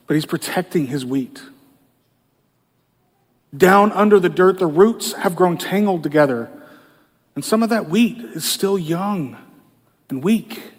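A male pastor delivering a sermon in a relaxed, conversational manner, often dropping in "you know" as he explains. His voice sits noticeably high for a man. The sound carries a long reverb from a large church sanctuary. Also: breathy edge.

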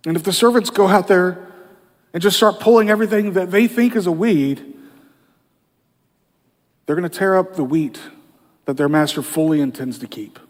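A man with a noticeably high voice preaches conversationally, pausing often and keeping a moderate pace. He repeatedly says "you know" while explaining, and his voice rings with the extended reverb of a spacious sanctuary.

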